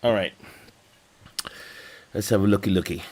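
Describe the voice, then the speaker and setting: A man's voice: deep voice, moderate pace, dark tone, a little hiss or hum. A man streaming a game, chatting casually in a rambling, joking way, laughing often and swearing. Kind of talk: casual live-stream chat.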